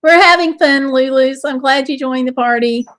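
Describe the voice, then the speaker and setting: Bubbly high-voiced woman hosting a live stream. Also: normal speed, fairly bright tone. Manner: bubbly and chatty, with exclamations and laughter. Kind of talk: casual live-stream chat, reading viewer comments aloud.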